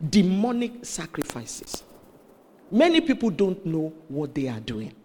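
A man preaches a sermon, his voice pitched high and swinging widely as he tells the story. He acts out the people in the story as he goes. Long reverb from the hall hangs behind him. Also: huge pitch swings, unhurried, warm tone.

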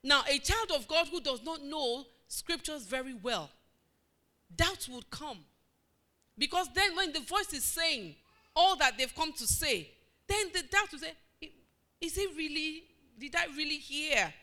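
A woman's voice: sits high, lively intonation, a little slow, pushed and bright. A woman preaching a sermon, emphatic and repetitive, asking the congregation questions and answering them. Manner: emphatic, repeating phrases with call-and-response.

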